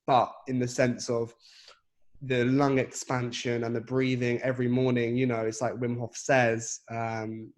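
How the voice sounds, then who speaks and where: A man in his twenties, a podcast guest, talking casually in a reflective, halting way with many "you know"s and "um"s. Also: medium pitch, level tone. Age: 20s. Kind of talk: casual chat.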